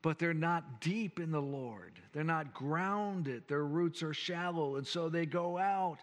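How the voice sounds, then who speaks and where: Older male pastor, slightly high voice, folksy earnest sermon, long reverb of a church hall. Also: animated, takes it slowly. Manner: folksy, earnest storytelling preacher.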